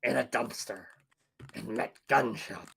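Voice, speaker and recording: A man recapping events as a player in a tabletop game, listing them flatly and correcting himself. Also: fairly low pitch, unhurried, gravelly, slight background noise. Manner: flat listing, self-correcting.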